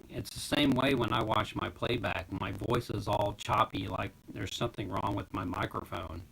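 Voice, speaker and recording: A man's voice: on the low side, gravelly, fairly bright tone, a little hiss or hum, low-quality recording. A man casually rambling to viewers on a live stream from home, talking into his phone. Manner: rambling, talks to viewers while fiddling with gear.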